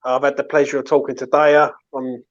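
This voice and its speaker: A man on a live stream chat, repeating warm encouragement in a casual way. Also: medium pitch, flat delivery, brisk, lo-fi sound. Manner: repetitive, heartfelt pep-talk phrasing. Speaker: guest on a live watchalong stream.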